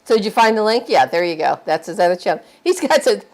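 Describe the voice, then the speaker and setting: A woman's voice: mid-range voice, very animated, fast talker, a little mellow. An older woman co-hosting a casual live stream, chatty and laughing often as she reads viewer comments aloud. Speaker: co-host reading viewer chat.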